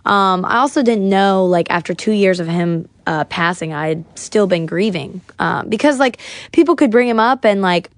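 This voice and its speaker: A woman's voice: mid-range voice, normal speed, no room sound. A young woman from the United States, a podcast guest, talking casually about her life with lots of fillers and acted-out quotes. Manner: chatty, many "like" fillers, acts out quotes. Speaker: podcast guest, singer-songwriter. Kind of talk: casual personal storytelling.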